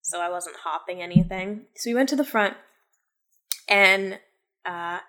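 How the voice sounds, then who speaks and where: A woman's voice: fairly low pitch, a little slow, sharp tone. A woman in casual chat, telling a story in a rambling way with lots of "like". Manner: rambling storyteller, heavy use of "like".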